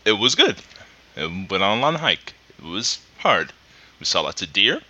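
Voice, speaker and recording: A young man co-hosting a comedy podcast, with a very bright, sharp tone. He rambles and laughs a lot between jokes. His pitch jumps wildly from low to high. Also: very animated, normal speed. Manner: rambling, laughs often, puts on silly voices. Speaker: podcast co-host. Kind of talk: casual comedy podcast banter.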